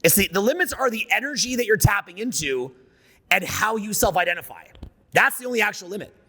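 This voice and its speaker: A man's voice: high-pitched, animated, fairly quick, bright, forceful tone, husky, long reverb tail. A man giving a live seminar talk, brash and profane, riffing off the cuff. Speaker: seminar speaker. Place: seminar room with an audience.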